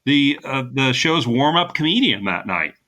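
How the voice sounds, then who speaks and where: Male podcast co-host, bright clear tone, chatty recap style full of ums and uhs. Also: mid-range voice, big pitch swings, normal speed. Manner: chatty, recapping with frequent fillers and laughs. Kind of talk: casual chat.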